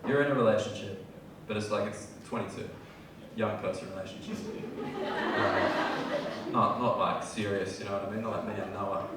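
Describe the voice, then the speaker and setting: A young Australian man doing a stand-up set in a comedy club, brash and sweary, going from shouted bits to low, mumbled asides. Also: steady tone, a little fast, long pauses, recorded from a distance. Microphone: handheld stage mic. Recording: echoey club, heard from afar, loud audience noise.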